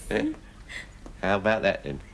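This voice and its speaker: Henpecked husband, stammering and sheepish, lively pitch, noisy TV audio. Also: male voice, normal speed, gravelly, full character voice. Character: bumbling middle-aged husband, henpecked. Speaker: sitcom husband. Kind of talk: 1970s studio sitcom acting. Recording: noisy TV soundtrack.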